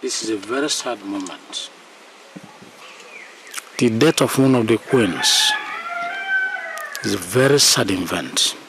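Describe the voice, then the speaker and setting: An actor playing a solemn elder addressing a royal mourning, measured and grave. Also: male voice, lowish voice, lively intonation, background noise. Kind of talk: Nollywood film acting.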